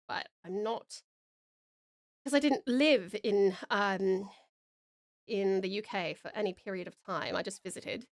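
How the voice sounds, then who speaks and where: A woman's voice: medium pitch, no echo, studio quality. A woman from Australia, a streamer and voice actor, chatting casually on a livestream, full of ums and calling viewers darling.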